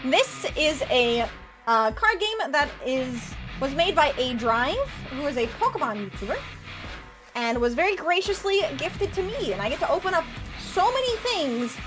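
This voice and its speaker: A woman streamer chatting casually and rambling while opening trading cards, quick to laugh. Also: high voice, big pitch swings, music in the background. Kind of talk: casual live-stream chat.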